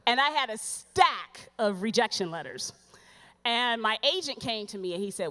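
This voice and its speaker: A woman performing stand-up comedy on stage, telling a story in an animated, sassy way and acting out the dialogue. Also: a little high, measured pace. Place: stage before a live audience.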